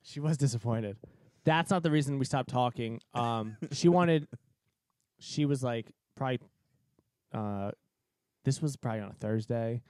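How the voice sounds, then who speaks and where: A young man from Cape Cod is co-hosting a podcast and telling a story in a loose, casual way. He swears often and laughs easily. His voice sits at an ordinary pitch and sounds close and dry. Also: unhurried, no room sound. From Cape Cod, Massachusetts. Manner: profane, animated, laughs a lot. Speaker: podcast co-host.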